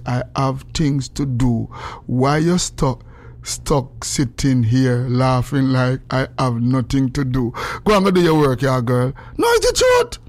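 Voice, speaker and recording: A man with a Jamaican accent hosting a call-in radio show, swinging between loud preachy shouting and low mumbled asides. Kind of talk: animated call-in radio rant.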